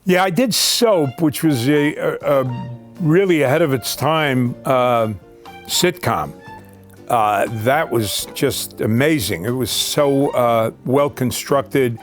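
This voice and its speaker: A man's voice: mid-range voice, slow pace, soft background music. Older man reminiscing about his acting career. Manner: reminiscing, rambling with fillers. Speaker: actor recalling his career. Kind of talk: documentary interview.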